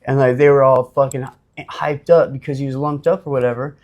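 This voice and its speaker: A man from Utah, a podcast guest telling his life story in a blunt, profane, animated way, full of fillers. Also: medium pitch, a little fast, dull audio. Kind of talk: casual storytelling.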